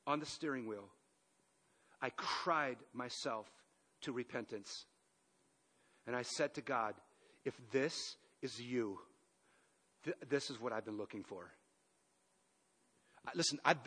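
Standing before a large congregation, a preacher in his fifties shares his story with animation, punctuating it with emphatic pauses and sudden loud bursts. His voice is mid-range.

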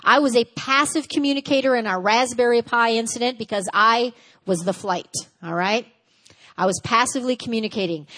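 A woman giving a teaching sermon at a church service, lively and conversational, acting out little dialogues and checking in with her listeners. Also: on the high side. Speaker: church speaker.

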